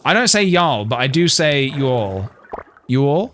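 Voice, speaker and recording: A man's voice: mid-range voice, big pitch swings, normal speed, bright, forceful tone, a little hiss or hum. A man with an English accent, chatting on a live stream and reading posts aloud, musing as he goes, trailing off, restarting and laughing to himself. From England.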